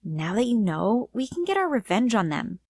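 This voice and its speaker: A woman voicing a young protective big sister who plans revenge, in a firm, plotting manner, for an animated story. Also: on the high side, normal speed, a little hiss or hum, pitched above the performer's own voice. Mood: determined.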